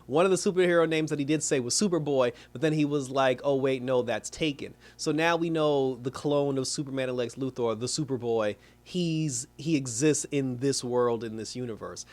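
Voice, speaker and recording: A man's voice: medium pitch, normal speed, hardly any pauses, a little mellow. A man giving a casual, rambling spoiler review, laughing often and acting out characters' lines.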